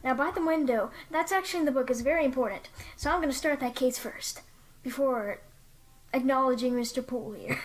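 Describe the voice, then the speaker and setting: Upbeat woman doing a let's play, high voice, faint music in the back. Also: brisk. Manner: chatty, upbeat, reads game text aloud. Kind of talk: casual game commentary.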